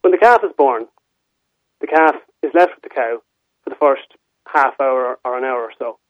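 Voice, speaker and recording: A man's voice: mid-range voice, normal speed, no echo. A man with an Irish accent, a farmer calling in to a radio show, explaining his point steadily and earnestly over the phone. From Ireland. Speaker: dairy and meat farmer calling in. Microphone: telephone. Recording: tinny phone line.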